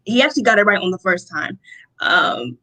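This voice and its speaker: Bright-voiced young woman telling a story. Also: medium pitch, fairly quick, rough recording. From Rochester, New York. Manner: animated storytelling, acting out quotes, laughs often. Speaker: interview guest. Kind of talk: personal testimony in conversation.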